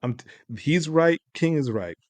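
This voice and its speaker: An American man co-hosting a casual podcast, telling stories in a relaxed, rambling way. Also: a little high, moderate pace, no room sound. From United States. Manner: relaxed, rambling storytelling with frequent laughs. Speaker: co-host. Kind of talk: casual podcast reaction chat.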